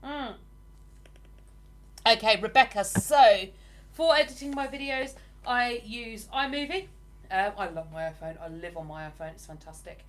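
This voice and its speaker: A woman's voice: on the high side, lively intonation, normal speed. A woman from Hertfordshire with a southern English accent, hosting a casual livestream and chatting back to viewer comments with lots of enthusiasm and laughter. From England (Hertfordshire). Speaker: livestream host. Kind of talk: casual live chat, reading viewer comments.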